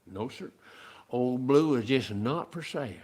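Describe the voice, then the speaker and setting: Man playing a stubborn rural farmer, quiet low drawl. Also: lively intonation, measured pace, lightly acted. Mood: calm. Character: slow-talking rural male farmer, calm and stubborn.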